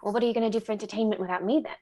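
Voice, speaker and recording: A woman voicing an adventurous young woman who talks quickly and breezily. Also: mid-range voice, fairly even intonation, mellow, soft background music, close to an everyday voice. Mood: teasing.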